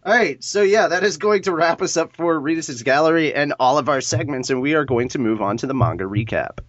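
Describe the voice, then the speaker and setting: A man's voice: on the high side, expressive, brisk, dry recording. A man hosting a casual group podcast, running the segments and laughing often. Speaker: podcast host. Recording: dull lo-fi audio, faint music.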